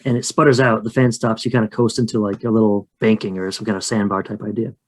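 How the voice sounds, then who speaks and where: A man's voice: fairly low pitch, little pitch movement, fast. A man co-hosting a podcast, casually narrating his moves in a tabletop role-play and joking in a chatty, rambling way. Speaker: podcast co-host and player.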